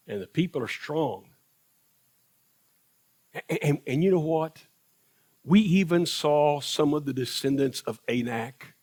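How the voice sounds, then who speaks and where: A man's voice: medium pitch, a little mellow. A man preaching a sermon in a church, repeating phrases for emphasis, asking the congregation rhetorical questions and acting out quotes. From United States. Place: church sanctuary.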